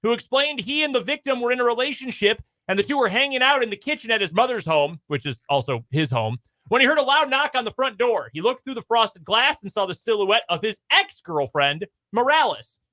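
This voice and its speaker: Animated high-voiced male radio host. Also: fairly quick. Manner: animated storytelling with wry asides. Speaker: radio sports talk host. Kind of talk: reading a news story on air. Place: radio studio.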